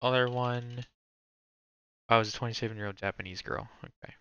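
Here the streamer's medium-pitched voice is fairly quick and fairly even in intonation, with a sharp, smooth tone. He rambles and curses as he talks himself through a movie ranking in casual commentary. The recording is muffled but free of room sound.

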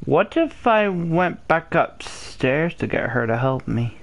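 A woman's voice: low voice, very animated, slow. A woman playing a video game and commenting, frustrated and whiny, pleading with her viewers for help. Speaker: gamer. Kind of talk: let's-play commentary.

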